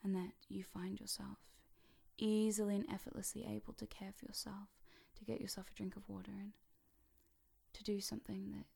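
Woman whispering a hypnosis session, raspy. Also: medium pitch, little pitch movement. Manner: switches between sinking whispers and bright rising calls; slow, drawn-out counting.

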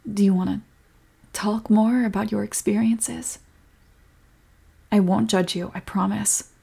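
A young woman in a whispered role-play as a comforting girlfriend, speaking softly and protectively. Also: medium pitch, fairly even intonation, unhurried. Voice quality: breathy.

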